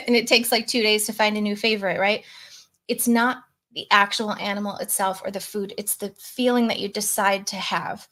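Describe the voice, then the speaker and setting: A woman's voice: mid-range voice, steady tone, moderate pace, pushed and bright. A middle-aged woman coaching on a live stream, chatting casually and reading out viewer comments.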